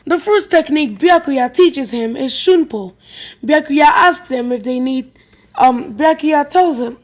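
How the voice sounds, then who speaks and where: A woman with a high voice reads a homemade fan story aloud. Her delivery is plain and unpolished, with frequent stumbles and restarted lines. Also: darkish tone.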